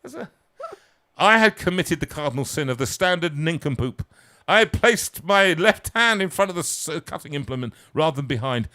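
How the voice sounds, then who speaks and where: A man's voice: fairly high pitch, lively intonation, normal speed, sharp tone. A man reading his own story aloud live, with wry, self-mocking asides. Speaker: singer and storyteller.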